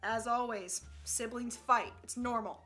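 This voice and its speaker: A woman's voice: fairly high pitch, steady tone, a little slow, sharp tone, soft background music. A young woman reading online jokes aloud and reacting with sassy comebacks and frequent laughter. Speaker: video creator.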